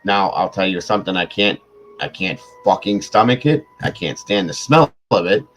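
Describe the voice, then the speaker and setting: A man's voice: sits low, lively intonation, moderate pace, a bit bright, low-quality recording. A man hosting a late-night livestream, tired after hours on air, telling rambling, profane stories in casual chat. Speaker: livestream host.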